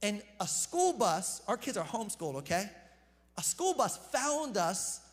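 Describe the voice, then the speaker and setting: A man preaching a casual, conversational sermon as pastor, joking with the congregation and repeating words when he gets excited. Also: high voice, measured pace. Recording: long hall reverb.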